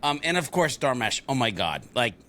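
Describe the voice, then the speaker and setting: A man's voice: mid-range voice, very animated, normal speed, fairly bright tone, a little hiss or hum. A man co-hosting a podcast, chatting casually and enthusiastically with plenty of slang. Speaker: podcast co-host. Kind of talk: casual chat.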